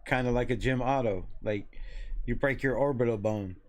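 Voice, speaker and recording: A man in his forties from Los Angeles runs his own football talk channel, with an everyday middle-pitched voice. He rambles along loosely, swears casually and laughs at his own remarks. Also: moderate pace. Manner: loose, chatty, swears freely, laughs at himself. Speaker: sports channel host. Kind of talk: casual sports commentary.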